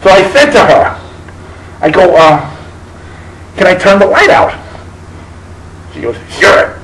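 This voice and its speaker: A man's voice: sits high, wildly swooping pitch, slow, fairly bright tone, roomy sound, slight background noise, rough recording. A middle-aged man telling a crude, profane story as a stand-up comedian, laughing at his own jokes. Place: live stage.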